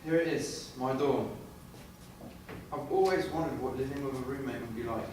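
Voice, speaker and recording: An actor playing a shy, hesitant young exchange student in a staged reading recorded echoey and from a distance. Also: male voice, mid-range voice, normal speed, background noise, natural voice. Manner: hesitant, awkward. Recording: echoey room from far off.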